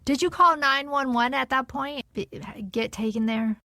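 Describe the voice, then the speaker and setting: A woman hosting a podcast, asking her guest questions slowly and gently. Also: high voice, dry recording, clean studio sound. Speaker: podcast host. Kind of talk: interview questions.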